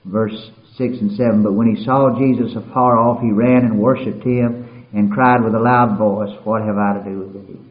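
Male preacher, sermon delivery that swings from quiet murmur to loud, high cries, in a roomy, muffled recording. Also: fairly even intonation, normal speed. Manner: swings from hushed and low to soaring shouted peaks.

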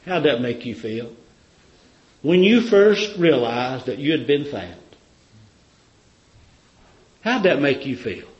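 Male preacher, fervent storyteller; roomy, lo-fi sermon recording. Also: fairly high pitch. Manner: fervent storytelling, rhetorical questions.

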